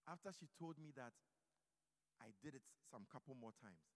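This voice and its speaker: A male pastor from Ghana preaching a sermon, moving between loud exhortation and quiet, personal storytelling. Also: mid-range voice, animated, normal speed, big-room sound.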